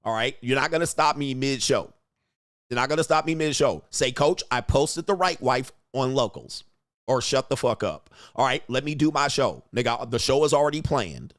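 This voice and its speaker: A man hosting his own livestream, talking in a crude, combative way and laughing often at his own remarks. His voice sits at an ordinary pitch for a man. The sound is dry and close, with no room echo. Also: animated, a little fast, a bit bright. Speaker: livestream show host and dating coach. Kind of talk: profane livestream commentary.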